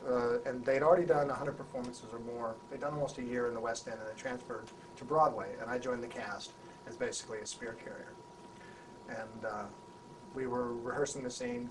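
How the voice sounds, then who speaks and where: A man, an actor being interviewed, tells an anecdote in an animated way, restarting and repeating words as he goes. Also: medium pitch. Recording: voice a bit far from the mic, faint background hum.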